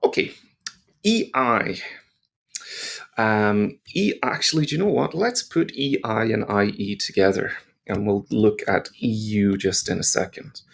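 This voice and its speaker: A man's voice: fairly low pitch, unhurried, gravelly. A man teaching pronunciation to learners, patiently explaining and modelling each sound. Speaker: language teacher.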